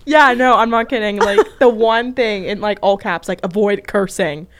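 A woman's voice: medium pitch, moderate pace, fairly bright tone. A young woman hosting a college radio show, chatting casually and laughing often. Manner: giggly, bubbly, laughs often. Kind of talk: casual on-air chat. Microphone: studio mic.

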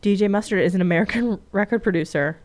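A woman's voice: medium pitch, fast talker, a little mellow. Bubbly young woman on college radio, giggles a lot, chatty and loose. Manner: giggly, bubbly, laughs often. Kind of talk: casual on-air chat. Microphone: studio mic.

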